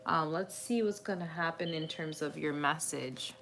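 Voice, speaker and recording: A woman's voice: low voice, moderate pace, gravelly, background noise. A woman doing a live tarot reading, talking in a chatty, reassuring way with many fillers and frequent laughs. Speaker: tarot reader.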